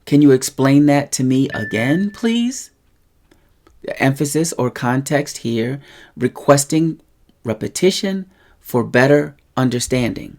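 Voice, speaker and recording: A Spanish teacher gives a casual lesson in a friendly, plain, middle-pitched voice, slowly working through examples one at a time. The delivery is expressive, rising and falling in pitch and loudness to stress key words, and he or she often pauses to check in with the listener.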